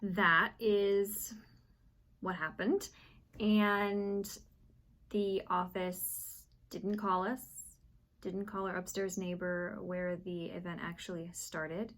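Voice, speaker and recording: A young woman from Texas telling a story in a casual vlog at home, animated and acting out what people said. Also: fairly low pitch, slow. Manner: animated, acts out quoted voices. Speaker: vlogger. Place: apartment at home.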